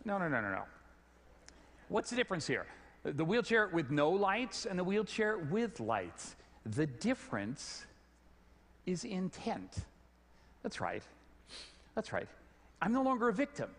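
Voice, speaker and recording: A middle-aged man giving a storytelling talk on stage, animated, often stumbling over repeated words. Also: high voice, a little slow, long pauses, slightly rough. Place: large hall before an audience. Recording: long hall reverb.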